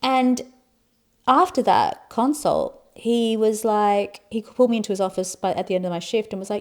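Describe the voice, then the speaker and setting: Animated storytelling woman, middle pitch. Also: normal speed. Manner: animated, swearing, acts out quotes in a loud voice. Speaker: podcast co-host. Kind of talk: casual storytelling chat.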